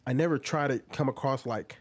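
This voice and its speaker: A man's voice: mid-range voice, brisk, husky. A young man giving reaction commentary, arguing with a string of rhetorical questions.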